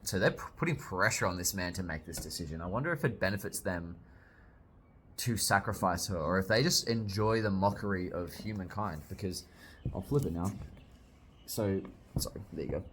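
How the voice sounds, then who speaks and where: A man's voice: sits low, normal speed, a bit bright, slight background noise. A young man casually reviewing a comic, reacting with jokes as he reads along. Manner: chatty, jokey, reacting while reading aloud. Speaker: manga reviewer. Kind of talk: casual read-along commentary.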